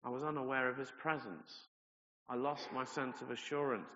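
A man's voice: medium pitch, fairly even intonation, normal speed, pushed and bright. A man preaching a sermon in an earnest, conversational way, with personal stories and self-deprecating asides. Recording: reverberant hall, dull lo-fi sound.

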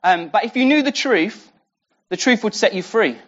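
A preacher talks through a Bible passage in a loose, conversational way. The voice sits at a middling pitch and often restarts sentences and poses rhetorical questions to the listeners. The recording sounds muffled and lo-fi. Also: lively intonation, moderate pace. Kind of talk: sermon teaching a Bible passage.

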